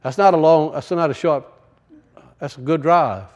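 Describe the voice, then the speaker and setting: High-voiced preacher, rising and falling. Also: male voice, moderate pace, highs cut off. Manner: rises loud then drops to hushed, storytelling. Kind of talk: sermon with personal story.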